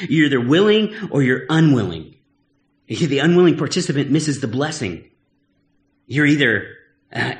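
Preacher, slightly high, chatty and earnest, echoey room. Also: male voice. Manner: conversational, teasing, earnest. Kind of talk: sermon.

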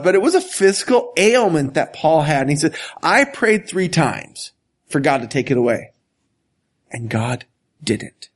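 A male pastor preaching slowly and earnestly, leaving long pauses and now and then dropping to a whisper. His voice sits a little high for a man and has a husky edge. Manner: slow, earnest preaching with dramatic pauses and sudden drops to a whisper. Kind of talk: sermon.

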